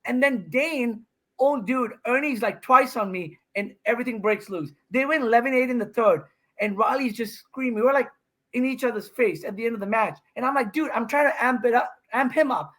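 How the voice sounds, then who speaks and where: A man, a pro pickleball player and podcast guest, excitedly telling a match story and acting out what people said. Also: extremely high pitch. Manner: excitable, fast-talking, acts out quotes.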